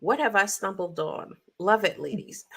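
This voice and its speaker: A woman co-hosting a podcast, telling a story in an animated way and acting out sounds and quotes. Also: medium pitch, moderate pace, slightly rough. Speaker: podcast co-host. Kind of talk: casual storytelling chat. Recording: live stream call audio.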